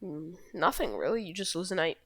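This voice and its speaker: Woman host narrating chess moves; low voice that swings widely, offhand and self-correcting. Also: big pitch swings, brisk, slightly rough, no room sound. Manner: rambling, self-correcting, shrugs things off. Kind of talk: casual chess game walkthrough.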